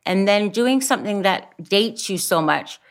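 A woman guesting on a podcast, telling stories in an animated, enthusiastic way. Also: medium pitch, measured pace, clear, resonant tone. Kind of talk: casual chat.

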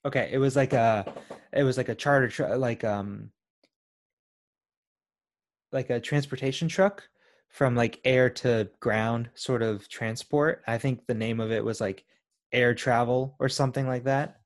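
Curious male co-host who questions his partner and builds his theories slowly, full of fillers. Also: mid-range voice. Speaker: podcast co-host. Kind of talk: casual film discussion.

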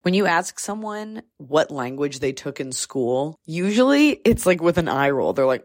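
A woman's voice: deep voice, lively intonation, normal speed, few pauses, no echo, studio quality. A woman hosting a podcast, chatting casually and joking, often dropping into mock voices. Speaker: podcast host. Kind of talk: comedic casual chat.

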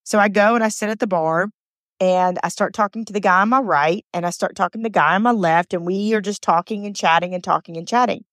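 A woman's voice: mid-range voice, quick pace, a bit bright, no room sound, clean studio sound. A woman hosting a motivational podcast, telling personal stories in an earnest, chatty way and repeating phrases for emphasis. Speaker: podcast host.

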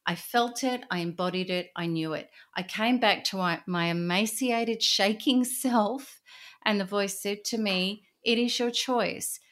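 Middle-aged woman, interview guest, earnest and intense, sharing a personal story, going soft and quiet in places. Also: mid-range voice, measured pace.

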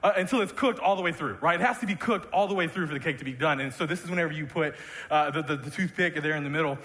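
A man's voice: fairly high pitch, fast talker, a bit bright. A man preaching a sermon in a church, conversational and jokey with many restarts. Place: church sanctuary. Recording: long reverb of a church hall.

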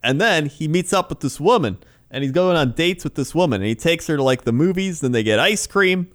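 Fairly high in pitch and fairly quick, this man co-hosts a relaxed podcast and retells a TV show. He narrates with animation, performing the quotes and breaking into laughter often.

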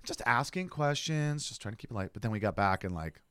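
A man's voice: fairly low pitch, fairly quick, no room sound. A man co-hosting a podcast, telling a story in casual chat and acting out the dialogue. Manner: animated storyteller, acts out dialogue. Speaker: podcast co-host.

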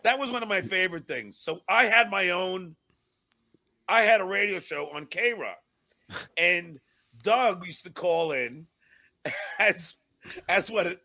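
A man who stutters, telling stories in a casual podcast chat with halting restarts. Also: high-pitched, animated, sharp tone. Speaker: guest.

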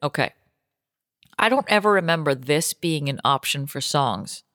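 A woman co-hosting a podcast, chatting casually with animated, exaggerated reactions. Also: low-pitched, normal speed, no room sound, studio quality. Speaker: podcast co-host. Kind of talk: casual chat.

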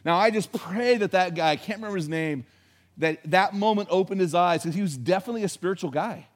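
Preaching fast in a high-pitched voice, a male pastor delivers his sermon as folksy, conversational storytelling, punching key words for emphasis.

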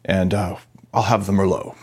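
A man's voice: low voice, flat delivery, moderate pace, darkish tone, slightly rough. A man doing a smug Californian wine drinker.

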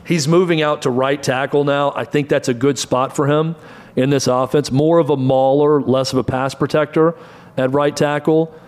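A man's voice: fairly high pitch, fairly even intonation, smooth. Stat-rattling male sports show host. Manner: brisk, rattles off stats in short bursts. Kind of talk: college football analysis.

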